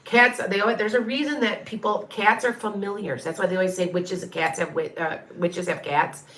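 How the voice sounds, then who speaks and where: A woman's voice: mid-range voice, steady tone, fairly quick, fairly bright tone, slight background noise. A woman working as a psychic medium. She gives a casual live reading and answers questions in a chatty, rambling way, often breaking off mid-sentence. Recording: echoey room.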